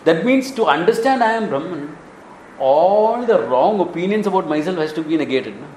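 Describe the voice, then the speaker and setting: A man's voice: high voice, moderate pace, a little hiss or hum. Male Indian spiritual teacher, Kerala-born, chuckling storyteller in an echoey hall. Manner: animated storytelling, acts out dialogues, chuckles often. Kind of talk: Vedanta discourse.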